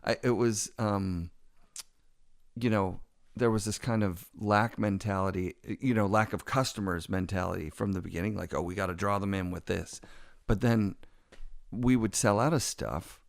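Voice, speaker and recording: Middle-aged podcast host, gravelly low voice, dry close mic, chatty. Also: male voice, no echo. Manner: lively storytelling, quick asides. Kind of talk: casual podcast conversation.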